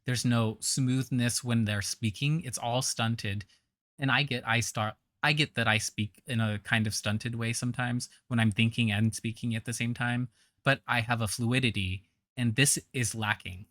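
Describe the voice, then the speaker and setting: A man's voice: mid-range voice, fairly even intonation, moderate pace, a bit bright, no echo. A man giving blunt, scornful reaction commentary, with a trained singer's voice.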